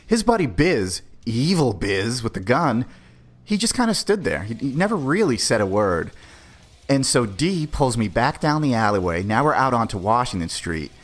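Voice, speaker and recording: A man's voice: mid-range voice, big pitch swings, moderate pace. A man hosting a podcast, telling a personal story in a laid-back, profane, conversational way. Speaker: podcast host. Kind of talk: casual storytelling.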